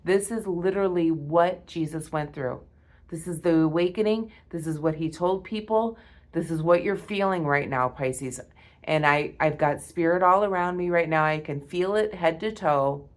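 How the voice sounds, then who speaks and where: A woman giving a spiritual tarot reading to her viewers, awed and emotional, repeating herself and often breaking off with a soft "wow.". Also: fairly low pitch, moderate pace. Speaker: tarot reader.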